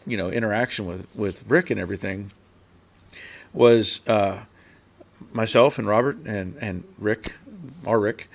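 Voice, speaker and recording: A man with a somewhat low voice hosts a casual live stream. He rambles through his stories with fillers and restarts, then reads viewers' comments aloud. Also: gravelly.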